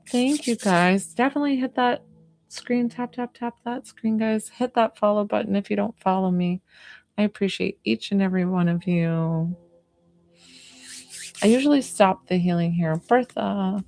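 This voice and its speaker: A woman spiritual healer talking softly and soothingly on a live stream, gushing thanks to viewers and saying "like" a lot. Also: medium pitch, measured pace, vocal fry. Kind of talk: live-stream healing session.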